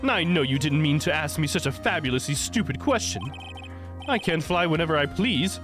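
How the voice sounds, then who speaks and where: A man's voice: on the high side, animated, moderate pace, music in the background, pitched above the performer's own voice, close to an everyday voice. A man voicing a flamboyant, vain male stage magician in a game, haughty and theatrical. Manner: haughty, theatrical, dramatic outbursts.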